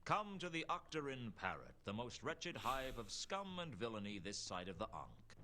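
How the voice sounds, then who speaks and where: A deadpan hard-boiled detective. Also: male voice, mid-range voice, normal speed, slight background noise. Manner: dry, deadpan wisecracks. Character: world-weary male private detective. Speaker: noir detective narrator. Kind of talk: hard-boiled video game voice acting.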